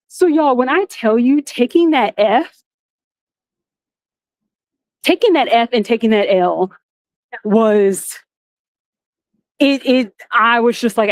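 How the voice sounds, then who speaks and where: A woman hosting a live walking vlog outdoors, telling a story in a lively, dramatic way while filming on a handheld phone. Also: a little slow, long pauses, no room sound. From Florida. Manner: animated, dramatic storytelling with big pitch jumps. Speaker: vlogger. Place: outdoors in a theme park.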